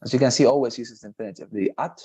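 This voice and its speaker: A man's voice: mid-range voice, quick pace, dark tone, husky, muffled recording, soft background music. A man teaching English in a one-on-one lesson, encouraging and patient, often repeating praise.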